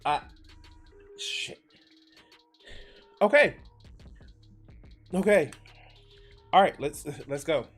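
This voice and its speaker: A man with a higher voice reacts on a live stream, his pitch swinging widely as he swears and sounds exasperated. He breaks off and restarts sentences often, and his sarcasm cuts through. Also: lively intonation, drawn-out words, long pauses, fairly bright tone, husky, faint music behind. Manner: trails off and restarts mid-sentence.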